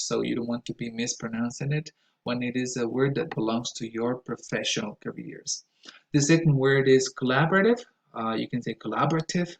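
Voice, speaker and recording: A man's voice: medium pitch, creaky, rough recording. A man whose first language is Spanish lectures his students on English word stress. He explains carefully, with plenty of "uh" and "um" between phrases. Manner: careful, explanatory, with frequent "uh" fillers. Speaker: English pronunciation teacher.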